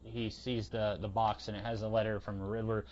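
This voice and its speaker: A man's voice: lowish voice, normal speed. Man chatting about comics on a lo-fi podcast. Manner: rambling, animated storytelling with quoted voices. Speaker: podcast co-host. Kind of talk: casual comic book discussion.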